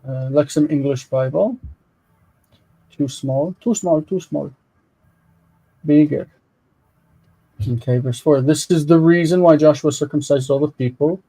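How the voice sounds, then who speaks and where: A man's voice: fairly high pitch, a little slow, long pauses, warm tone, slightly rough, poor audio. A man co-hosting a live stream, chatting casually and eagerly explaining words aloud while looking them up. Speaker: co-host of a Hebrew Bible reading stream.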